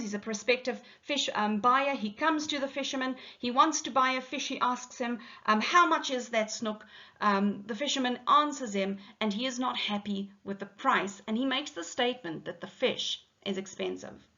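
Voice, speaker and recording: A woman teacher with a South African accent explains a poem line by line in a patient lesson, reading lines aloud and pausing on frequent ums. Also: a little high, fairly bright tone, dull audio.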